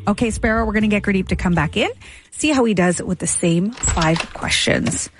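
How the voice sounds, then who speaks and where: A woman co-hosting a radio show, reading trivia questions briskly and laughing often. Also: mid-range voice, over music. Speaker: radio co-host running a trivia game.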